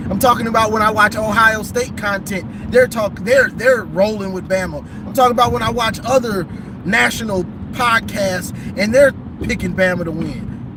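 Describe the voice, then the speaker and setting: A man, talking sports in a casual, emphatic way. He often repeats and restarts phrases while he drives. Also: sits high. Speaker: sports vlogger. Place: in a car while driving. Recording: road noise from a moving car.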